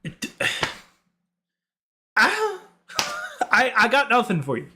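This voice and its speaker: A young Northern Irish man chatting casually on a live stream, his voice pitched high for a man and bouncing all over the place. He rambles from one tangent to the next and laughs a lot. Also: wildly swooping pitch, drawn-out words, pushed and bright, a little hiss or hum. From Northern Ireland.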